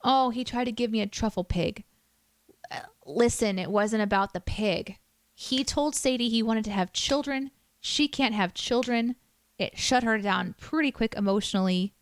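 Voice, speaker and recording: A woman's voice: fairly high pitch, moderate pace, no room sound. Woman streamer, casual self-deprecating chat, dry close mic. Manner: chatty, self-deprecating, reads chat aloud.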